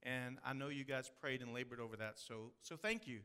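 Fairly quick and clean-toned, his mid-range voice sounds pushed and bright. He's a pastor from the Texas hill country with a Texan accent, telling folksy stories in his sermon and drawling his phrases.

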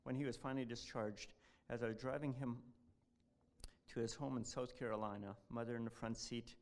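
Earnest gravelly-voiced man at church. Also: mid-range voice, steady tone. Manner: earnest, halting delivery. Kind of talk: devotional talk, reading aloud.

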